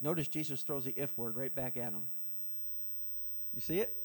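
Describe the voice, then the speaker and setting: A man preaching a sermon to his congregation, swinging from loud, passionate rises to quiet asides and putting questions straight to the room. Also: mid-range voice, normal speed, creaky. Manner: animated preaching with sudden loud rises and soft drops; asks the congregation questions directly. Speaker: pastor.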